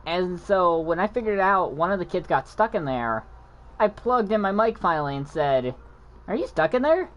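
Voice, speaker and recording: A man's voice: sits high, expressive, moderate pace, a bit bright. A man who stutters, telling a casual gaming story with frequent restarts, mumbles and backtracking. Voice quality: stutters, mumbles when explaining. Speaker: gaming channel host.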